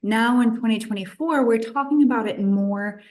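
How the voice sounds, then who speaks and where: A woman's voice: fairly high pitch, normal speed, a little mellow. Chatty woman nutritionist guest. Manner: chatty, acts out her past thoughts. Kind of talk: podcast interview storytelling.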